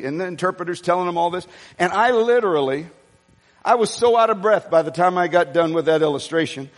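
High-voiced preacher in a reverberant hall. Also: male voice, a little fast. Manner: storytelling, animated, swinging between low asides and raised emphasis. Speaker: pastor. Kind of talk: sermon. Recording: long reverb of a large hall.

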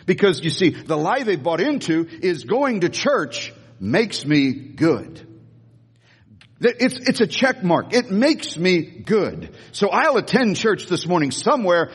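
Older man, pastor, high husky voice, animated sermon, church hall reverb. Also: slow pace. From United States. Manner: animated preaching, repeats phrases, asks the congregation to respond. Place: church sanctuary.

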